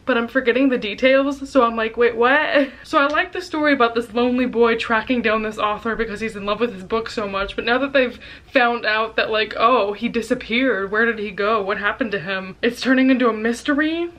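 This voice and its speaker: A woman's voice: fairly high pitch, brisk, a bit bright. A young woman vlogging about her reading in a chatty, rambling way, laughing often. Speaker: book vlogger. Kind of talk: casual chat.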